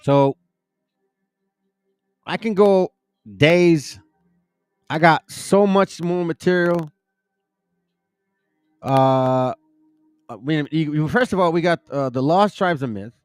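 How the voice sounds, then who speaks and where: Casting: higher-voiced man, loose bible-study host who trips over names, dry close recording. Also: takes it slowly, long pauses, smooth, no room sound, faint music behind. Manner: rambling, self-correcting, stumbles over names. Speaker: bible teaching channel host. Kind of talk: casual religious teaching and scripture reading.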